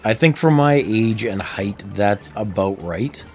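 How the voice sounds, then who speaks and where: A man's voice: on the low side, a little slow, soft background music. Chatty Canadian man streaming a game. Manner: chatty, laughs often, animated storytelling. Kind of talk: casual gameplay livestream chat.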